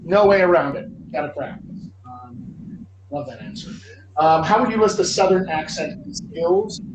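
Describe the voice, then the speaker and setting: A fairly high-voiced man hosts a live question-and-answer stream as a dialect coach. He is upbeat and jokey and keeps cheering his viewers on. His voice rings in a roomy space with steady noise behind it. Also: moderate pace. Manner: upbeat, joking, encouraging. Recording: echoey room with background noise.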